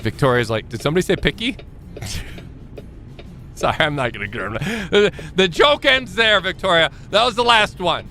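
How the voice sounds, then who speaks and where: A man streaming a trucking game, chatting casually and joking with his viewers, now and then jumping into high squeaky exclamations. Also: very animated, a little slow, sharp tone, faint music behind. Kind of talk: casual live-stream chat while gaming.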